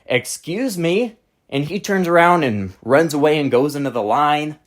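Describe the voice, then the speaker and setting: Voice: mid-range voice, animated, normal speed. A channel host telling a storytime rant in a blunt, exasperated manner with casual profanity.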